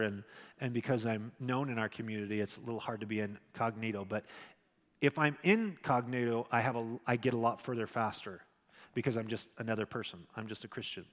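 A middle-aged pastor teaching from the pulpit in a candid, conversational tone. His voice sits in a middling register and rings out into a big hall with a long reverb tail. He slips into little dialogues as he talks. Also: medium pitch. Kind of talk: sermon Q&A teaching.

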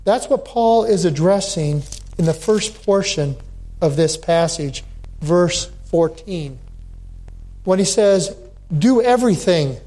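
A man preaching a sermon as pastor, slow and deliberate, with emphatic repetitions. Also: high voice, animated, warm tone, faint music behind.

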